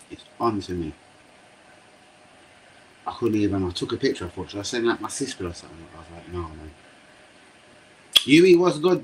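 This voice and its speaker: Excitable young football streamer. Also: male voice, fairly low pitch, slight background noise, rough recording. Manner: excitable, swearing, slangy, talking to chat. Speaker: football live-stream host. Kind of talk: casual live-stream commentary. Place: home room.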